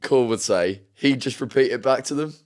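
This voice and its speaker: A man co-hosting a podcast, chatting in a relaxed and enthusiastic way. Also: medium pitch, normal speed. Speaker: podcast co-host. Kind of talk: casual chat.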